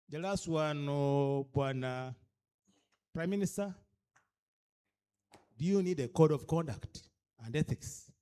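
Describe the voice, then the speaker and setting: This man's voice is a little high and warm, and he speaks a little slowly with frequent pauses. A Ugandan-accented guest speaker at a leadership orientation, he addresses cultural leaders emphatically, asks the room rhetorical questions, and mixes English with a local language.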